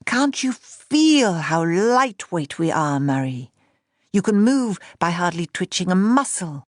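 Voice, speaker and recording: A woman voicing a playful middle-aged uncle with a smooth, velvety conductor's drawl. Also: on the low side, sing-song, no room sound, studio quality. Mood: dreamy. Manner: slow, theatrical storytelling. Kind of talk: audiobook character voice.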